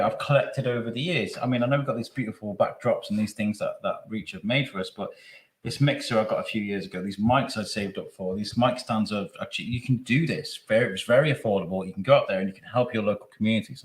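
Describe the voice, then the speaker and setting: A man's voice: on the low side, fast talker. Emotional rambling man in an echoey room. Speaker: podcast host. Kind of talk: live charity podcast chat.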